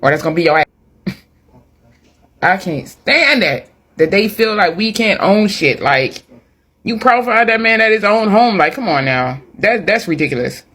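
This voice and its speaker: High-voiced man ranting at his phone. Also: animated, normal speed, bright, forceful tone, slightly rough. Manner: exasperated, emphatic, mocking. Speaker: social media commentator. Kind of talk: casual reaction rant.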